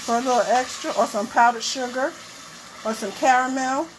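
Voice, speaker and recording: High-voiced Southern woman cooking host. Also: moderate pace, slight background noise, low-quality recording. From Norfolk, Virginia. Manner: chatty, addresses viewers as y'all. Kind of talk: casual cooking chat.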